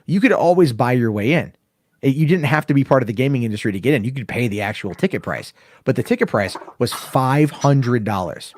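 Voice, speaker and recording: A man's voice: medium pitch, fairly quick, a little hiss or hum. A man hosting a casual podcast, telling a long story with plenty of swearing and acting out the other people's lines. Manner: profane, animated storyteller acting out dialogue. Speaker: podcast host.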